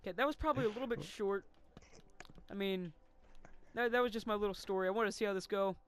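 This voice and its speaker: A man's voice: sits high, quick pace, clear, resonant tone. A young man telling a rambling, swear-filled story in casual chat, full of "like" fillers.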